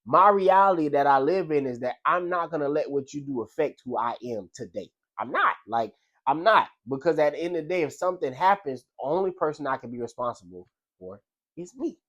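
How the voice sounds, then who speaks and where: A man's voice: fairly high pitch, animated, a little fast, a bit bright. Slangy man telling everyday stories. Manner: loose, slangy storytelling with frequent "you know what I'm saying". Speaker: delivery driver sharing life lessons. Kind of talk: casual motivational monologue.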